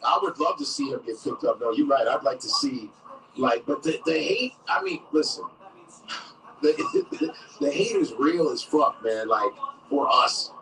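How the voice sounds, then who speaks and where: A man's voice: mid-range voice, very animated, a little slow, pushed and bright. A man chatting casually and animatedly on a podcast, swearing freely and laughing often. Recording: roomy and distant with background noise.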